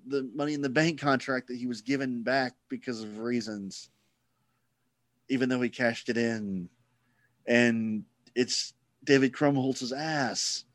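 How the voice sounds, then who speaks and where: A man's voice: a little high, no echo. Guy ranting on a podcast, sarcastic, swears a lot, dry close mic sound. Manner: rambling, sarcastic, swears freely. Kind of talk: casual chat.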